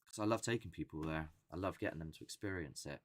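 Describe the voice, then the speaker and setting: A man's voice: deep voice, fast. A young man hosting a casual live chat, rambling and chatty, often acting out what people say. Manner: rambling, chatty, acts out quotes. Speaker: host of a paranormal channel.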